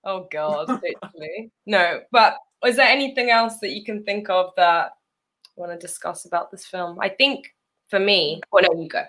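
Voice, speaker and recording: A woman hosting a casual chat, talking in a lively way, often laughing and jumping up in pitch. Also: moderate pace. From Europe. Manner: chatty, laughing, animated pitch jumps. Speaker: YouTube host.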